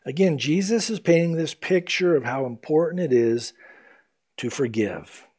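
A man preaching a sermon as pastor, earnest, swinging between loud emphasis and hushed, soft passages. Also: fairly high pitch, animated, normal speed, husky.

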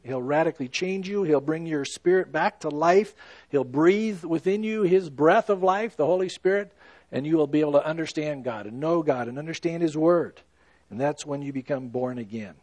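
A man preaching a sermon in an earnest, emphatic way, swinging between loud stresses and hushed, slow lines. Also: on the high side, no room sound. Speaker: pastor.

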